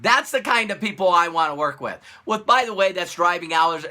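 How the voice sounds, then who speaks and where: Speaking to camera as a business coach, a man delivers a relaxed pep talk with lots of energy, circling back to the same phrases and tossing out rhetorical questions. His voice sits high and he talks a little fast.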